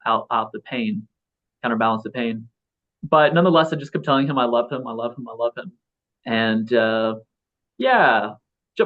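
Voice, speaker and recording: In slightly dull lo-fi audio, a philosopher in his thirties rambles through a casual interview, restarting often and leaning on fillers. His voice is mid-range and a bit bright.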